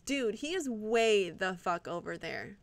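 A woman streaming live gameplay, swearing and reacting out loud to the game and chatting with viewers. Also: medium pitch, lively intonation, unhurried, gravelly, no echo. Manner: profane, reactive, talks to the game and chat.

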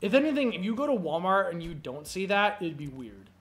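A man's voice: a little high, expressive, moderate pace, fairly bright tone. Rambling, profane young man telling stories. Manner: rambling, profane, full of fillers. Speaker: gameplay commentary host. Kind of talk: casual storytelling chat. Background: faint game music.

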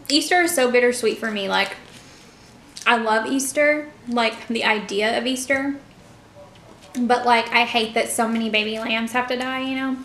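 A woman's voice: fairly high pitch, a bit bright, reverberant, slight background noise. A young woman chatting casually to her viewers in a mukbang vlog, full of fillers like "like" and "you know". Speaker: vlogger. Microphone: camera mic.

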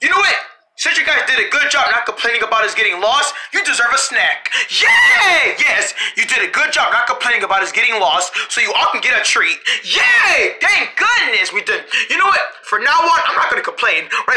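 A cartoon creator voicing every character in a family road-trip cartoon, with frequent shouting and screams. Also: medium pitch, a little fast. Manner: shouting and screaming often, animated. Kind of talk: one-person cartoon dialogue.

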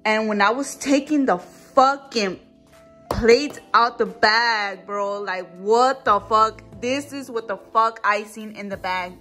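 A woman in her late twenties talking casually to her viewers as a vlogger, chatty and excitable, swearing often. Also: medium pitch, slow, soft background music. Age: late 20s. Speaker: vlogger, boutique owner. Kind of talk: casual vlog chat.

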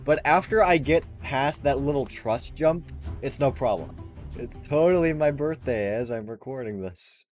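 A young man gaming with friends, swearing and swinging between loud yells and quiet mumbling. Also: mid-range voice, normal speed, faint music behind. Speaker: gaming YouTuber. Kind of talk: casual gaming chat with friends.

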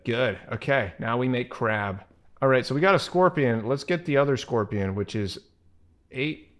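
A man's voice: medium pitch, a bit bright. A young man talks through a video game in casual let's-play style. He is jumpy and squeamish, often groaning, muttering and swearing at the screen. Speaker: gaming video creator.

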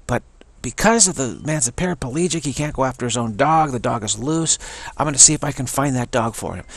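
Gravelly man, halting personal testimony. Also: mid-range voice, dry recording. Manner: halting, stumbles and repeats words.

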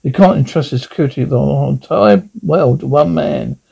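A man's voice: fairly high pitch, moderate pace, gravelly, dark tone, breathy edge, full character voice. A man voicing a stern male army general in a cartoon dub, speaking bluntly.

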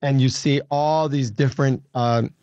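A man's voice: medium pitch, steady tone, a little slow, mellow, no room sound, muffled recording. A man in his seventies chatting as a guest, laughing easily and restarting his sentences. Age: 70s. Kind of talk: casual chat.

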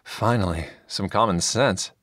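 An exasperated knight pleads for restraint, his voice climbing higher in disbelief, as a male narrator does him. The recording is close and dry. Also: a little slow, a bit bright, no room sound.

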